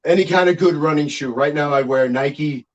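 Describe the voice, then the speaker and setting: A man's voice: a little high, moderate pace, dull audio. Profane, storytelling middle-aged man. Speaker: guest musician. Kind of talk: casual interview chat.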